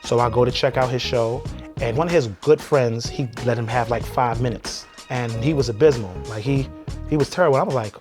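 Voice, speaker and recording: A young man doing stand-up, telling brash, profane stories and shouting his punchlines, then talking calmly in an interview. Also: medium pitch, a little fast, music in the background. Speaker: stand-up comedian. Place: comedy stage before a live audience.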